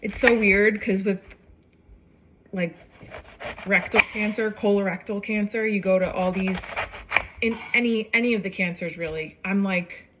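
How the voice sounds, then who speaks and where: A woman's voice: medium pitch, fairly even intonation, unhurried, pauses often, background noise. Young woman rambling through a personal story. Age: young adult. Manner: rambling, self-correcting, many fillers. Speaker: vlogger. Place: home kitchen while cooking.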